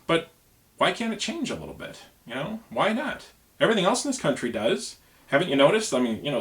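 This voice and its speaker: A man's voice: fairly high pitch, a bit bright. A man who drives trucks, talking straight to camera about running for president, earnest and rambling with lots of "you know". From United States. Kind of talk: casual campaign video to camera.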